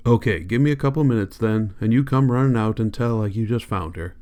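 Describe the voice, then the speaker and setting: Man reading weary ranch worker, low quiet drawl, grim, audiobook. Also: fairly quick, close to an everyday voice. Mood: urgent.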